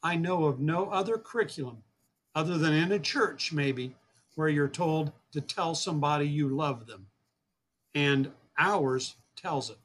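Earnest storytelling man, slightly high voice. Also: a bit bright, slight background noise. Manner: earnest, repeats words, acts out quoted dialogue. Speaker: guest, fishing program founder. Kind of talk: storytelling interview talk.

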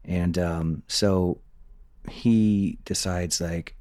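A man's voice: low voice, moderate pace, a little mellow, breathy edge, no echo, studio quality. A man, a former intelligence officer, telling candid stories in an interview, swearing freely and acting out the dialogue. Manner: candid, profane, acts out dialogue.

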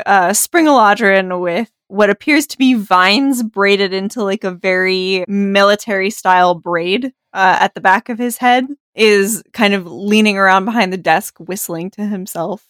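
Lively woman game master narrating. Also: medium pitch, clear, resonant tone, no echo, clean studio sound. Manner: lively, casual narration with fillers.

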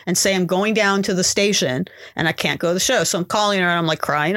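A woman guest telling a story on a chat podcast. She talks casually and jumps into higher, louder voices whenever she quotes someone, then drops back to her plain, middle-pitched voice. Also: lively intonation, fast, hardly any pauses. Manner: acts out quotes in raised voices.

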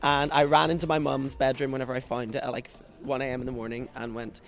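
A man's voice: mid-range voice, little pitch movement, fast talker. A Northern Irish man in his twenties, a drag performer telling stories as a guest in a casual interview. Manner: chatty, self-mocking storyteller.

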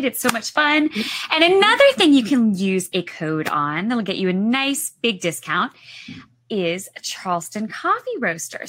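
A woman co-host with a bright, clear voice and a lively pitch that swoops as she talks. She sounds playful and chatty, reading sponsor details with an easy, joking touch. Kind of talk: casual chat.

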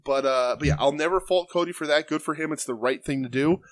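Male podcast co-host, higher-pitched, dry close-mic sound; casual, profane, mocking. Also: quick pace, no room sound. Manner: profane, mocking, laughs often. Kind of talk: casual chat.

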